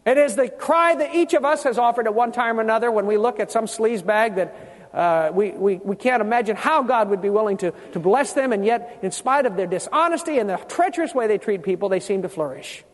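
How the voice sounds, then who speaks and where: A man with a strikingly high voice preaches a sermon, stopping often to quiz his congregation with questions. He repeats key words slowly to stress them. His voice carries a long reverb, as if it fills a big church sanctuary. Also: animated. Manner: teaching, quizzes the congregation with questions.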